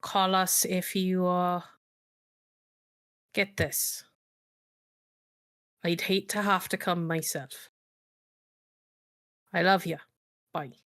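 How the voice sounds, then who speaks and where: A woman puts on an elderly grandfather leaving a hesitant phone message. He talks in halting, hushed phrases with an ominous undertone. The voice sits a little lower than a plain speaking voice. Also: steady tone, dry recording, studio quality. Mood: concerned.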